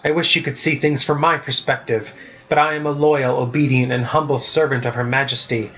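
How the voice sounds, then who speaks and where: A man's voice: medium pitch, steady tone, fairly quick, bright, forceful tone. A man reading the lines of a fierce, loyalist older sister in a defiant, scornful way, in a muffled lo-fi recording.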